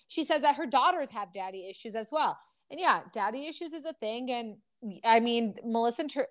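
Chatty woman recapping reality TV. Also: fairly high pitch. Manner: animated, acts out quotes in dramatic voices. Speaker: podcast co-host. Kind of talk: casual reality TV recap chat.

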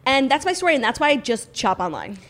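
A young woman co-hosts a casual podcast chat. She talks quickly and fills her sentences with "like," in a chatty storytelling way. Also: sits high, very animated, a bit bright. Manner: chatty storytelling, heavy use of "like". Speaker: podcast co-host.

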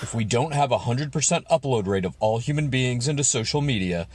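A man doing a deadpan parody of a commercial announcer in a played-back clip. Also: medium pitch, brisk, slightly rough, dry recording. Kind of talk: mock commercial read.

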